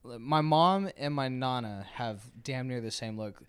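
A man's voice: medium pitch, unhurried, fairly bright tone, clear, resonant tone. A man in casual chat, blunt and profane, laughing often.

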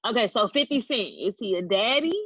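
A woman's voice: a little high, lively intonation, fairly quick, sharp tone, husky, no room sound. A woman co-hosting a podcast in casual chat, blunt and ranting, swearing freely. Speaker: podcast co-host. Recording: dull lo-fi audio.

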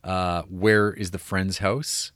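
A man's voice: low-pitched, level tone, slow pace, fairly bright tone, dry recording. A man co-hosting a podcast, reading out film releases with dry, wry humor. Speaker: podcast co-host. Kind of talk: casual chat.

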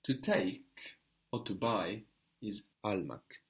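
A man's voice: lowish voice, slow pace. A man teaching a one-to-one Turkish lesson, explaining patiently and repeating words for his student.

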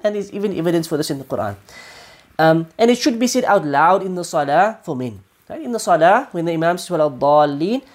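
A woman's voice: deep voice, darkish tone. A woman teaching an Islamic study lesson, repeating her points with emphasis and often checking in with "right?". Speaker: religious teacher.

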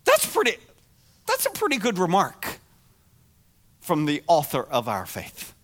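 High-voiced, animated male preacher. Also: measured pace. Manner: animated, acts out the words of the people in the story. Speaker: pastor. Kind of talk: sermon.

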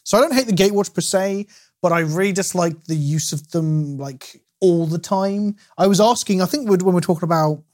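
A man's voice: high voice, a little fast, a little mellow. A man with an English accent, co-hosting a casual chat in a chatty, rambling way. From England. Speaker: co-host, card game video maker.

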